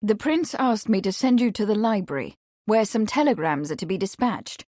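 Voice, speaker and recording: A woman voicing a kindly, measured Victorian gentleman investigator. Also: mid-range voice, lively intonation, no room sound, clean studio sound, lightly acted.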